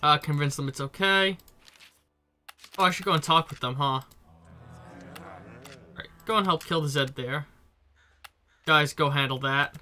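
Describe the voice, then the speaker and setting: A man with a stuffy cold giving casual, excitable commentary while playing a game. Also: fairly high pitch, a little slow, pauses often, soft background music. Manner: chatty, swearing, excitable reactions. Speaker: let's play streamer. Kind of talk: gameplay commentary.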